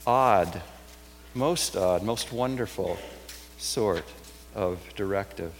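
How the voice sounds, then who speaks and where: A man delivers a sermon in a relaxed, conversational way, often dropping to a gentle, reassuring repetition. His voice carries a long reverb from a large hall, with a faint hum underneath. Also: lowish voice, drawn-out words, long pauses. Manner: conversational, reflective, with soft emphatic repetitions. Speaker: preacher.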